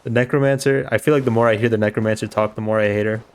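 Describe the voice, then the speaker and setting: A man's voice: fairly low pitch, steady tone, racing, a little hiss or hum. A man streaming a game, giving rambling, chatty commentary and swearing casually.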